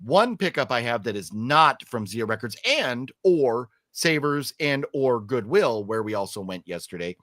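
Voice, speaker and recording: An older man hosts a casual live stream, his voice swinging up and down with animated energy as he reads out chat comments and cracks jokes. The recording is dry and close, with no room echo. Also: medium pitch, a little slow, hardly any pauses. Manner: lively, reads chat comments aloud, jokey. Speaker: co-host. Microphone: streaming setup.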